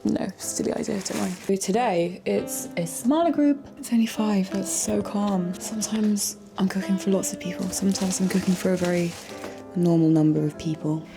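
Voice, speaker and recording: Chatty woman, gravelly voice. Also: medium pitch, moderate pace, music in the background. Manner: chatty and rambling, with quiet asides. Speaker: vlogger. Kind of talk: casual chat. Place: home kitchen.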